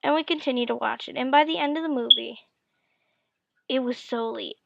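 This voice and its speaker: A young woman tells a personal story in a chatty vlog, saying "like" a lot and acting out what people said. Her voice sits a little high and has a gravelly fry. The sound is dry and slightly muffled, like a basic home mic. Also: brisk, heavy background noise. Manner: chatty, full of "like", acts out quotes. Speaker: vlogger. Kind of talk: storytelling monologue.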